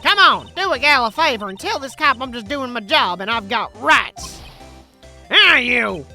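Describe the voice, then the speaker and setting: A man's voice: very high-pitched, very animated, moderate pace, gravelly, sharp tone, faint music behind, pitched above the performer's own voice, exaggerated voice. A man voicing a pushy female photographer with a put-on Southern US accent, in a brash, twangy way.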